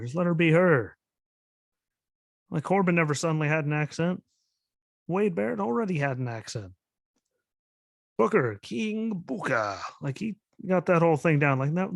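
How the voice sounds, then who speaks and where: A man's voice: on the high side, vocal fry, dry recording, studio quality. A man hosting a solo wrestling podcast, talking in a skeptical, exasperated rant full of "like" and "literally". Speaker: podcast host.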